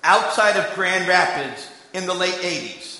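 A man giving a sermon, telling a story that swings between quiet asides and emphatic lines. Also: sits high, lively intonation, unhurried. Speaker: preacher and candidate recruiter. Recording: echoey hall with long reverb.

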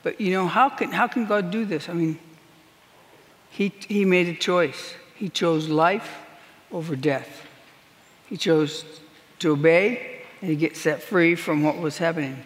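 A woman's voice: fairly low pitch, a little slow, pauses often. A woman giving an earnest, emphatic sermon testimony as a prison minister. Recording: long reverb of a large hall.

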